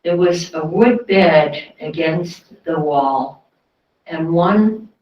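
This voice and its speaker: An elderly woman giving a personal testimony as a guest speaker, telling her story plainly and often in the present tense. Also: low voice. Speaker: Holocaust survivor guest speaker. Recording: dull, roomy sound from a distant mic.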